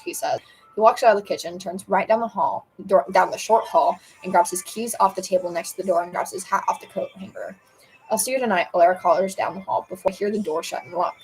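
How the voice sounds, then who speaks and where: A young woman on a live stream reads her own story aloud, her voice sitting at an ordinary middle pitch. She often trips over a phrase and restarts it, mixing the reading with casual asides. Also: fairly quick, darkish tone, faint music behind, poor audio. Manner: stumbles and corrects herself mid-sentence.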